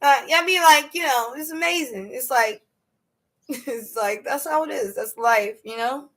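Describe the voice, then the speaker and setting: A woman's voice: sits high, a little slow, a bit bright. A woman hosting a casual storytelling livestream, chatty and slangy, often laughing as she answers viewers' questions. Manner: laughs often while telling stories. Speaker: livestream host.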